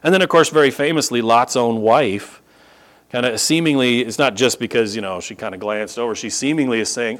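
A man's voice: medium pitch, brisk. A male pastor preaching a sermon, firing rhetorical questions at his congregation and acting out disbelieving reactions. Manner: acts out incredulous reactions. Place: church sanctuary at a podium.

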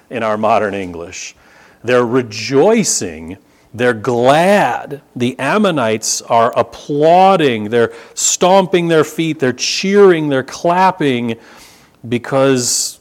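An American pastor with a medium-pitched voice and measured pace delivers a conversational Bible sermon. He teaches through casual asides and humor, his emphasis rising as he explains.

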